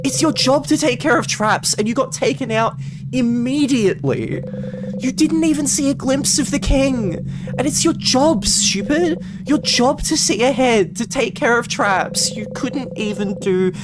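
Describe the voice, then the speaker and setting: A young traveler's frantic inner voice, shrill and loud, berating himself at a raised pitch, as a man acts it out. A noisy home mic hisses underneath. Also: slow pace.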